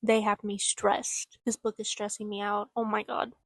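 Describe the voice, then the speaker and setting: A young woman in a casual reading vlog, excitable and rambling, swearing freely as she reacts. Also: mid-range voice, normal speed, no echo. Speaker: book vlogger.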